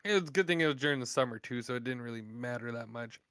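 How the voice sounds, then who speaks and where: A man telling profane stories in a casual podcast chat, animated and blunt. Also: medium pitch, rapid-fire, smooth, no room sound. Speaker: podcast host.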